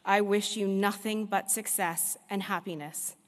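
A veterinarian giving a prepared commencement address, speaking in a measured, earnest way with deliberate pauses. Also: female voice, mid-range voice, steady tone, background noise. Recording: long reverb of a large hall.

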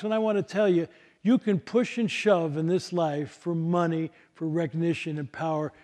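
Older man, workshop speaker, folksy stories, slightly high voice, lots of uh and restarts. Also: fairly even intonation, moderate pace, darkish tone. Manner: storytelling, folksy, many fillers and restarts. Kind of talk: live talk to an audience.

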